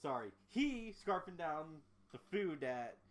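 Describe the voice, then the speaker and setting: A man acting as game master for a tabletop game, narrating loosely and casually. His voice sits somewhat high. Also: sing-song, unhurried. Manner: casual, loose, with fillers and restarts.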